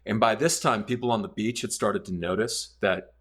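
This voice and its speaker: Low-voiced man telling a rambling story. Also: moderate pace. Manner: relaxed, rambling storyteller with many fillers. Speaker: podcast guest. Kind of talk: casual storytelling.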